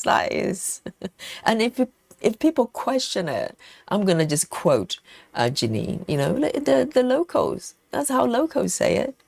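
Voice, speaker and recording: Slow, lively-pitched woman with gravelly edge. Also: dry recording. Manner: chatty, laughs often, thinks aloud. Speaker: cross-stitch streamer. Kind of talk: live stitch-along chat.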